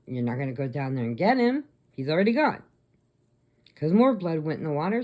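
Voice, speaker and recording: A woman casually retelling a movie plot, chatty, slipping into quick voices for the characters. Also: deep voice, big pitch swings, mellow. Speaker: crochet vlogger.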